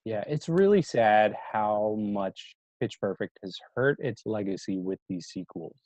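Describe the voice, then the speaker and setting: A man guesting on a movie podcast, chatting in a relaxed, hesitant way with lots of fillers. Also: lowish voice, measured pace, no echo. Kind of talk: casual chat. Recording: dull, dry lo-fi sound.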